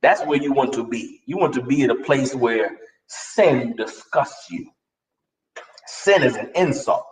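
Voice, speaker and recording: A man's voice: medium pitch, expressive, measured pace. A man preaching a blunt sermon full of street slang. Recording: distant, echoey, dull recording.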